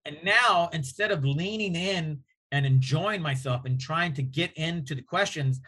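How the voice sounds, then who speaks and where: A man, a comedian guest on a podcast, telling an animated, profane anecdote in casual chat. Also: on the high side, unhurried, slightly rough.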